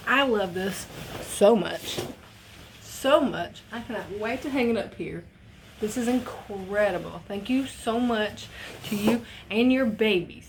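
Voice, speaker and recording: A young woman vlogging a casual unboxing at home, excitable and gushing, swearing freely. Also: medium pitch, background noise.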